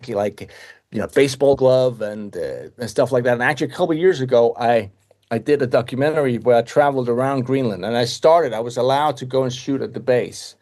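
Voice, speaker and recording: A man in his fifties from Denmark with a Danish accent, telling stories as a podcast guest in a lively way, often restarting and repeating words. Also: mid-range voice, a little fast. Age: 50s. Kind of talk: casual anecdotal storytelling.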